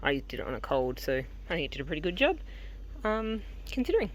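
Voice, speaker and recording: A woman's voice: fairly low pitch, big pitch swings, fast talker. A woman chatting casually on a travel vlog, rambling with fillers as she films outdoors. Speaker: travel vlogger. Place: outdoors at a caravan park and tavern. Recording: noisy outdoor camera audio.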